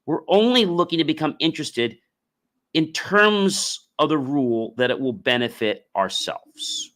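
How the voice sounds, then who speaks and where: A man hosting a podcast interview, talking in a loose, expressive way. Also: on the high side, a little slow. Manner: expressive, acts out imagined voices. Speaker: podcast host. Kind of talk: casual interview chat.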